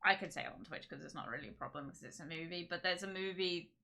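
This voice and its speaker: This livestream host speaks quickly in a low-leaning voice that is bright and forceful, with vocal fry. Her casual chat wanders, broken up by giggles and self-interrupting restarts.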